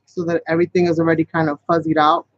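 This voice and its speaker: A man's voice: a little high, monotone, rapid-fire, fairly bright tone, dry recording. A man hosting a casual live craft tutorial, chatting and rambling as he works and talking straight to his viewers. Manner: chatty, rambling, talks to viewers as "you guys". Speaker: craft channel host. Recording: dull, lo-fi, dry sound.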